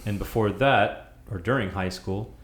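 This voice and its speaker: A man's voice: on the low side, unhurried. A man hosting a podcast interview in an easygoing way, leading with questions about his friend's past. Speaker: podcast host. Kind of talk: casual interview. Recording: echoey room with faint noise.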